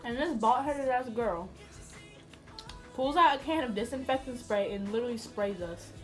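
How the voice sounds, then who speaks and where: A young woman telling a story over a fast-food meal for her vlog, blunt and full of swearing. Her voice sits a little high. Clear music runs in the background. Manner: blunt, profane, teasing storyteller. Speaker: vlogger. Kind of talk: casual mukbang vlog chat.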